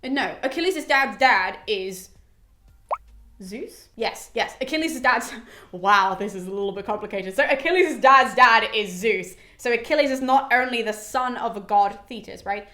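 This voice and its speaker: A woman's voice: a little high, moderate pace, sharp tone. Chatty, irreverent British woman in an echoey room. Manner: chatty, irreverent, swears casually. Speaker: podcast host. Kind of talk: casual mythology retelling.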